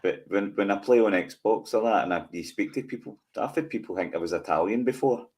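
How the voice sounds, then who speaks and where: A man's voice: fairly low pitch, darkish tone. A man in his forties with a Motherwell Scottish accent, chatting casually as a podcast co-host, often stopping and restarting. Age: 40s. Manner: chatty, halting, self-interrupting. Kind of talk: casual watch-along chat.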